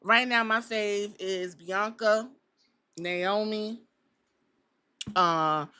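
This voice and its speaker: A woman's voice: mid-range voice, drawn-out words, pushed and bright, clean tone. A woman hosting a casual podcast, talking bluntly with plenty of swearing and jokes. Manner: blunt, profane, joking. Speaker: podcast host. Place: Columbus.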